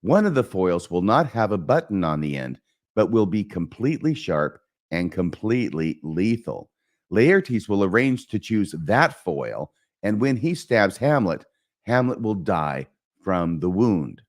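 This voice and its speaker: A man's voice: sits low, very animated, a little slow. A man hosting a literature lesson, explaining and paraphrasing verse lines. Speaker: host.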